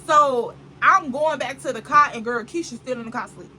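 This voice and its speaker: Brief: woman storyteller, lively and dramatic, bright voice with faint background noise. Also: sits high, brisk, low-quality recording. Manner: animated and dramatic, full of slang asides to the viewer. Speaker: vlogger. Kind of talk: casual storytime chat.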